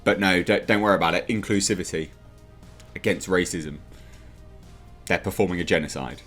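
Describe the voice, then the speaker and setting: Fairly quick and low-voiced with a slightly bright edge, a UK commentary vlogger rants with sarcasm and exasperation while mimicking people in put-on voices. Soft music plays underneath.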